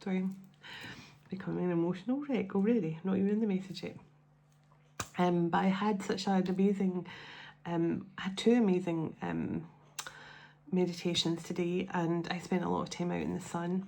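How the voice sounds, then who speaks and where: A woman with a fairly low, gravelly, darkish voice speaks at a normal speed in a steady tone. Hosting a spiritual tarot channel, she talks to viewers at home casually and from the heart, getting emotional and rambling, often restarting her sentences.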